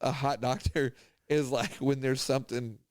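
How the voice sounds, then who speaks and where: A man's voice: mid-range voice, moderate pace, no echo. A young man telling stories in a casual podcast chat, laughing often as he talks. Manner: laughs often, animated storyteller. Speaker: podcast co-host.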